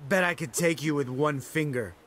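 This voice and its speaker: A man's voice: on the high side, normal speed, a bit bright, slight background noise, natural voice. An actor playing a brash, sarcastic male witcher who is drunk, mocking and quarrelsome.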